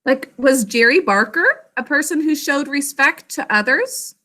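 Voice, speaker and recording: A woman teaching a class over a video call, encouraging and sounding out words slowly. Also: sits high, expressive, sharp tone.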